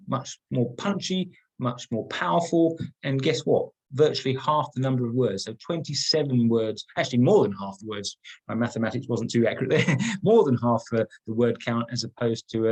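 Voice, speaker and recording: A man's voice: mid-range voice, darkish tone, rough recording. A middle-aged man leading an online training workshop, talking conversationally, repeating words and stressing key points. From England.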